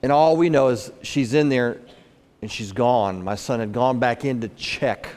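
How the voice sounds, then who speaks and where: A man's voice: medium pitch, unhurried, darkish tone. Middle-aged male guest speaker, earnest storyteller addressing an audience, mid-range voice, big reverberant hall. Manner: earnest, repeats phrases, talks to the crowd. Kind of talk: personal story told to an audience.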